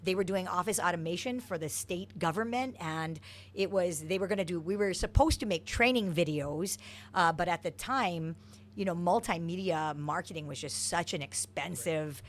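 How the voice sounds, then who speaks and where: Energetic middle-aged woman telling stories. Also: on the low side, moderate pace. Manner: energetic, animated storyteller. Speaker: soccer coach, guest. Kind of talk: interview storytelling.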